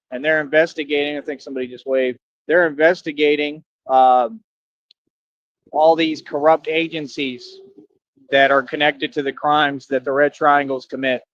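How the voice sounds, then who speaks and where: A fairly high-pitched man rants on a live stream in a repetitive, slangy way, hammering the same points over and over. The audio is dry and a little dull, with no room around it. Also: no echo. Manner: emphatic, repetitive, slangy street talk. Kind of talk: rambling live-stream monologue.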